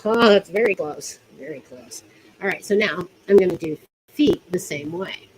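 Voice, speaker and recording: A woman's voice: lowish voice, normal speed, slight background noise, low-quality recording. Chatty, giggly woman teaching rope ties. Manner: chatty, giggly, trails off mid-sentence. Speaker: rope bondage instructor. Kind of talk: casual hands-on demonstration.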